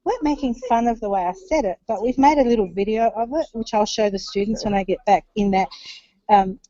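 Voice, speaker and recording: Australian woman, chatty storyteller, mellow tone, dry muffled web-call sound. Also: medium pitch, fairly quick, no room sound. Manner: chatty, laughs while telling stories. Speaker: conference attendee reporting back. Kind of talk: casual chat on a video call. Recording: dull lo-fi web call audio.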